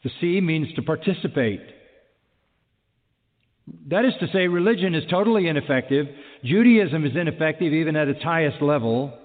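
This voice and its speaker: A man's voice: on the high side, lively intonation, normal speed. A man delivers a sermon in a slightly raised voice, pressing his points with repetition and rhetorical questions. The sound is thin and phone-like, with a long hall echo trailing behind him. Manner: emphatic, repeats key phrases, asks rhetorical questions. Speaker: preacher.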